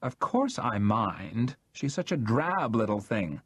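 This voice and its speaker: A man's voice: mid-range voice, normal speed, slightly rough, no echo, lightly acted. A male narrator voicing a haughty, theatrical man who speaks imperiously with camp sarcasm. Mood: scornful.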